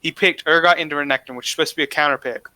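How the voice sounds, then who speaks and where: A man co-hosts a casual esports podcast, breaking down matches in an opinionated, emphatic style and repeating points to drive them home. His voice is a little high with fairly even intonation, very fast and sharp, with no echo.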